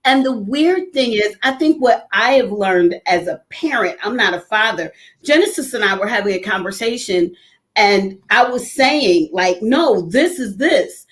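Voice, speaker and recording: A woman's voice: medium pitch, lively intonation, measured pace, a bit bright, poor audio. A middle-aged woman hosting a casual talk show, telling candid stories with frequent laughter. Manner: candid storyteller who laughs often. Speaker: host.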